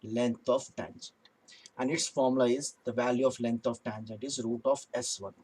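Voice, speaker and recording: A man's voice: medium pitch, steady tone, a little fast, a little mellow, breathy edge, low-quality recording. A man teaching a math lesson, working through sums aloud step by step and repeating key phrases.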